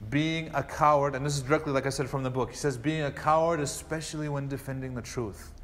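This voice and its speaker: Speaking quickly in a mid-range voice, this imam lectures a class in a mosque hall where a long reverb tail follows his words. His storytelling is lively, with small dialogues performed along the way.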